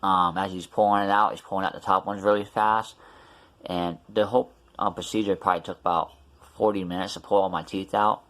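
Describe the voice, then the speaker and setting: A man with a deep, low-pitched voice tells a story in a casual vlog. He rambles and restarts, with plenty of ums, and his mouth is still numb from the dentist. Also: steady tone, a little fast, a bit bright. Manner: rambling, many fillers and restarts. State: mouth numb after tooth extraction. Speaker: vlogger.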